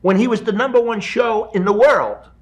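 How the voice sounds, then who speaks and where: A man in his fifties, a guest in a studio interview, telling a story with animated energy and acting out the people in it. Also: sits high, normal speed. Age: 50s.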